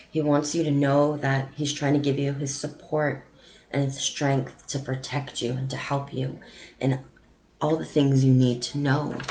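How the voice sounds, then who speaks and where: Soft-spoken woman giving a psychic reading. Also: very deep voice, poor audio. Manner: soft, halting delivery with frequent ums. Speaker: psychic medium. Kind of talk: live-streamed mediumship reading.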